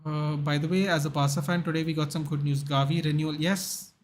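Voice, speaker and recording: A man's voice: on the high side, level tone, a little fast. A young man hosting a live football watchalong stream, chatting casually, answering viewers in the chat and reading out names and match stats.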